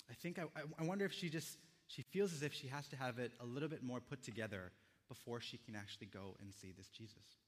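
A young male pastor preaches in a gentle, reflective way, letting quiet pauses sit between his thoughts. His voice sits at an ordinary middle pitch. The sound carries the long reverb of a large church hall. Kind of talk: sermon.

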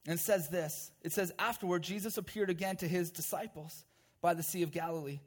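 High-voiced man preaching a story sermon. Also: fairly quick. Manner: vivid storytelling with conversational asides. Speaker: pastor.

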